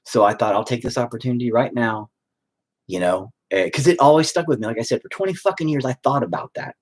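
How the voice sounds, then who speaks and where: A man's voice: medium pitch, quick pace. A man in his late thirties, ranting casually and bluntly while painting on stream, swearing heavily as he talks. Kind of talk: casual rant.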